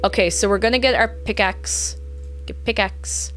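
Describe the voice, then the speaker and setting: A woman's voice: mid-range voice, steady tone, moderate pace, fairly bright tone. A woman chatting casually with her viewers while playing a game, rambling and giggling between asides. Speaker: game streamer. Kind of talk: casual live-stream chat while playing.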